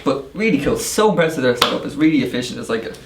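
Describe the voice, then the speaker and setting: A man with an Irish accent, a barista co-hosting a casual podcast chat, telling emphatic, animated stories. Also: medium pitch, rapid-fire, echoey room, noisy background. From Ireland. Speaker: barista and co-host.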